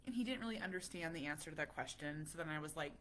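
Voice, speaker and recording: A woman talking casually to her viewers about her family, chatty and animated, a little stuffy from a cold. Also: low-pitched, rapid-fire. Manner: chatty, animated, laughs often. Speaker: parent vlogger. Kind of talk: casual chat.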